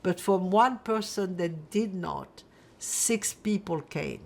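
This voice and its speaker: An older woman from France giving oral history testimony, reflective and halting, with many fillers as she searches for words. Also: on the low side, gravelly, slight background noise. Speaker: Holocaust survivor interviewee.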